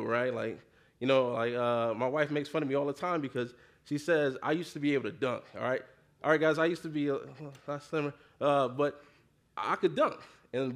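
Guy preaching real casual, slangy, lots of "you know", voice sits a bit high. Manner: conversational, slangy, frequent "you know", calls for congregation response. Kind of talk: casual sermon with scripture reading.

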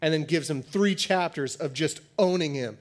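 A pastor giving a sermon in a conversational, animated style, acting out little dialogues as he teaches. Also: on the high side, normal speed.

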